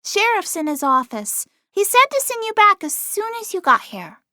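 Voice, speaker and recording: A woman's voice: extremely high pitch, sing-song, moderate pace, pushed and bright, no echo, studio quality, pitched above the performer's own voice, exaggerated voice. A woman voicing a friendly, bubbly young receptionist in an audiobook. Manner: bubbly, chirpy.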